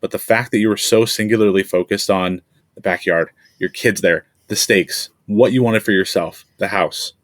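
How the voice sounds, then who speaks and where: A low-voiced man hosts a podcast, earnest and emphatic as he reflects on his guest's lessons. The sound is dry, close and free of room echo. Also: normal speed. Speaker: podcast host. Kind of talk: reflective interview commentary.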